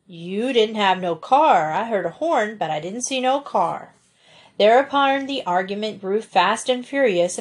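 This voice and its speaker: Brief: female storybook narrator, mid-pitched, steady expressive reading. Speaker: audiobook narrator.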